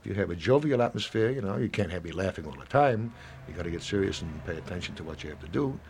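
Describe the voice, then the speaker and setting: A man's voice: sits low, animated, quick pace, darkish tone, slight background noise. A man in his seventies in an interview, rambling and reflective, acting out little quoted dialogues as he talks. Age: 70s.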